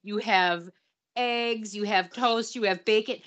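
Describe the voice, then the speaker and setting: A woman's voice: mid-range voice, fairly even intonation, slow, a bit bright. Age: adult. Figure: a woman putting on a hospital orderly man with a jumbled made-up accent. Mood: cheerful. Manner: cheerfully offering breakfast items one by one.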